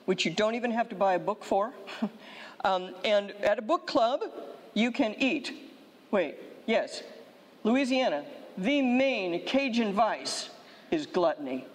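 Emphatic woman lecturing in a reverberant hall. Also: medium pitch. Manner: emphatic, rhetorical, frequent "okay?" check-ins. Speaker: conference speaker. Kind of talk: conference talk. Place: seminary hall.

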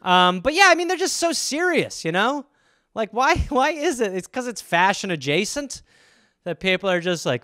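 A man hosting a comedy podcast, riffing alone in a rambling, profane, animated way. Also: high voice, moderate pace, no room sound, studio quality.

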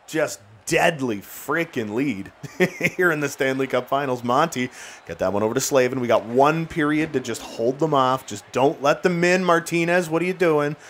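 A man doing excited, jokey play-by-play commentary while playing a hockey video game. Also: a little high, normal speed, a little hiss or hum. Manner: excitable, jokey, bursts into shouts and laughs. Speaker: gaming YouTuber.

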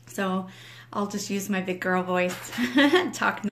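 A woman's voice: mid-range voice, takes it slowly, a little hiss or hum. A woman leading an early-morning prayer livestream from home on her phone, chatty with viewers and fervent in prayer, her voice cracking slightly. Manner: talking quietly at first. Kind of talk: casual livestream greetings and spoken prayer.

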